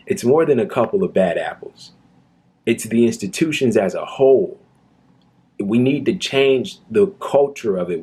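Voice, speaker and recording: A man's voice: fairly low pitch, darkish tone, husky. A man giving indignant reaction commentary on a news video, talking earnestly with frequent fillers like "um" and "you know.".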